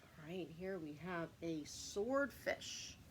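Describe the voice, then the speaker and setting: A woman teacher reading a picture book aloud to children, with animated singsong storytelling. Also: on the low side, takes it slowly, slight background noise, poor audio.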